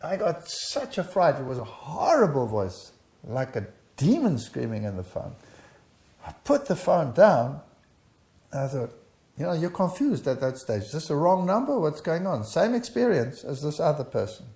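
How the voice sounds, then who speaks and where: A man's voice: on the high side, moderate pace. An older man, giving an interview and animatedly recounting a personal testimony, acting out the dialogue. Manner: animated storytelling, acts out dialogue. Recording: roomy echo.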